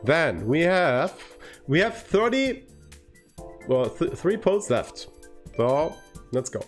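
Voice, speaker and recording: Excitable man streaming a game. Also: a little high, takes it slowly, soft background music. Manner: excitable, swings from groaning to cheering. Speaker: livestreamer. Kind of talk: live gameplay commentary.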